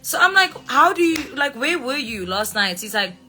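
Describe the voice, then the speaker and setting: Over soft background music, a South African livestream host tells a casual story on her phone, her high voice sing-song, pushed and bright at normal speed. Recorded through the phone mic, she swears freely and voices her friends' lines.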